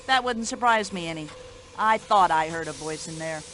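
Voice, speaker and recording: An actress voicing a brash, nosy older American widow in a video game, speaking in an indignant, chatty American accent. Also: female voice, fairly low pitch, normal speed, fairly bright tone, a little hiss or hum, close to an everyday voice.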